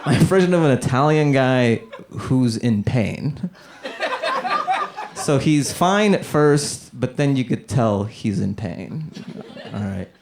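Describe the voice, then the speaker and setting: A man with an animated, medium-pitched voice takes it slowly as he tests new stand-up material at a comedy club, loose and rambling with plenty of "like" fillers. The live recording has a noisy background and crowd laughter.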